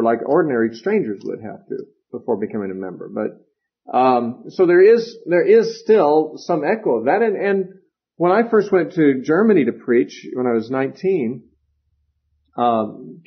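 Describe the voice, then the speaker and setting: A man teaches a Bible lecture in a loose, conversational way, repeating words and pausing with fillers. His voice is husky and of middling pitch. The recording sounds dull and lo-fi. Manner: conversational, with frequent fillers and restarts.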